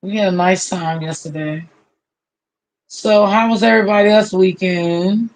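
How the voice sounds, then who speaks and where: A chatty livestream host who talks casually to the audience and greets viewers by name with long, drawn-out hellos. The speech is familiar and loose, full of terms like honey and baby. The voice sits at an ordinary middle pitch. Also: fairly even intonation. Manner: warmly familiar, calls people honey and baby.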